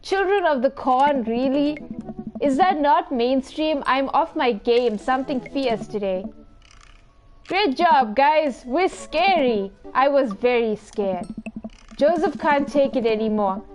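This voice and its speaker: Playful high-voiced woman reading a game. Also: animated, slow, soft background music. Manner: playful, giggly, teasing asides. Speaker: gaming video host. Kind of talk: reading a dating game aloud with live commentary.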